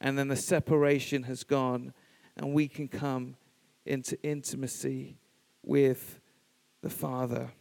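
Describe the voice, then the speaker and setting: A man delivering a sermon in slow, weighted phrases that he lets hang. His voice is smooth and resonant, with a long reverb trailing off it in a large church hall. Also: medium pitch, little pitch movement, darkish tone. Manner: measured, emphatic phrasing with pauses. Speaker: preacher.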